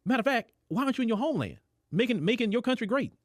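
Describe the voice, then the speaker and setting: A man's voice: very high-pitched, sing-song, very fast, a little hiss or hum. A man hosting a reaction commentary, talking in an incredulous, scolding way. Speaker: commentary channel host.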